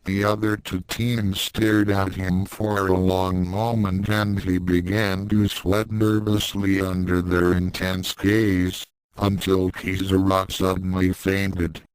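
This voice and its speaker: Male storyteller, deep unhurried voice, dry close recording. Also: level tone, clear, resonant tone, no room sound, low-quality recording. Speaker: fan fiction reader. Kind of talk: scripted narration.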